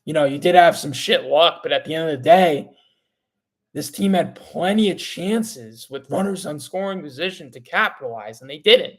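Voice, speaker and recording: Brief: young male podcast host, somewhat high voice, frustrated fan rant, stammering and repetitive. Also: expressive, moderate pace.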